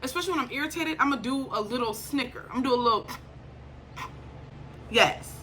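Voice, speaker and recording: A young woman from Liberia telling a storytime vlog in a casual, animated way, acting out quoted lines and swinging between irritation and laughter. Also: sits high, brisk, slight background noise. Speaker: vlogger.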